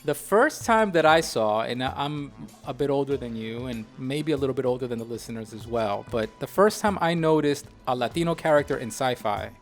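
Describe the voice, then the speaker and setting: A man's voice: mid-range voice, fairly quick, hardly any pauses, soft background music. A middle-aged man hosting a podcast, chatting casually and with energy, often restarting his sentences. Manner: animated, talks through restarts and asides. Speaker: podcast host. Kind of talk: casual chat.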